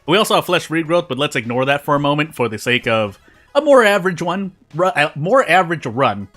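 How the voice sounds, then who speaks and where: A man with a fairly high, bright voice talks through a horror game on stream. His pitch jumps around a lot as he rambles, repeats phrases and restarts mid-sentence between bites of food. Soft game music plays underneath. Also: sing-song, brisk. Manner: talks while eating. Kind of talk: casual gameplay commentary.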